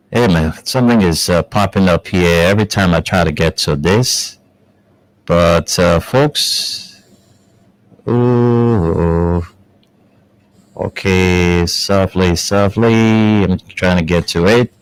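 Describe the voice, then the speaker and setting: A man's voice: sits low, slow, smooth, no room sound, rough recording. A man, hosting a morning show and reading viewer comments at an easy pace, with asides and many fillers. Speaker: host.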